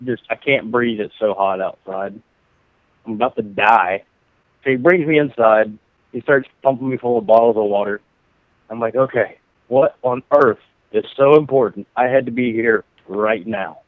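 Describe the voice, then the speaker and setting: A man's voice: medium pitch, normal speed, no echo. A man spins a rambling, profane story on a casual podcast and laughs at his own lines. The sound is dry and thin, like a phone line. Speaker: podcast co-host.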